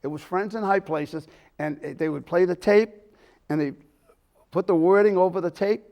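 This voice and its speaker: A gravelly older man spins a rambling story as host of a local talk show. His voice sits a little high for a man and keeps acting out what others said. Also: moderate pace, dark tone. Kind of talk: casual storytelling chat.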